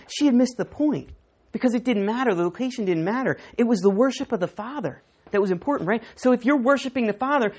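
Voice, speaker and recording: A preacher works through a Bible passage verse by verse in a sermon, acting out the quoted dialogue and correcting himself often. His voice is medium-pitched and darkish with a breathy edge.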